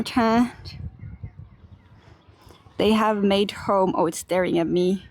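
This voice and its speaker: A woman's voice: medium pitch, slow, pauses often, a little mellow, a little hiss or hum. A young woman from Finland chatting casually to her livestream audience while walking outdoors through a park, holding a phone camera. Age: young adult. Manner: chatty, laughs easily, talks to chat. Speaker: IRL streamer. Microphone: handheld phone camera.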